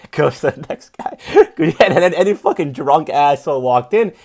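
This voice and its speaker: A young adult man, a comedian, telling a rambling, profane story in a casual monologue and getting loud and fired up when he preaches. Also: on the high side, expressive, moderate pace. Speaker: comedian and podcast host.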